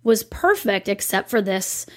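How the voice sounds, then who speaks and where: A woman in her thirties, a guest and company owner, telling a personal story in an animated, chatty way in a casual interview. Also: medium pitch, measured pace.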